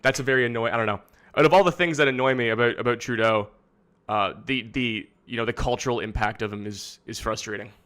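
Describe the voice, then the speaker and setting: A man's voice: mid-range voice, quick pace, fairly bright tone. Rambling man streaming. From Canada. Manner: rambling, profane, exasperated. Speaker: streamer host. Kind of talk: casual livestream commentary. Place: studio.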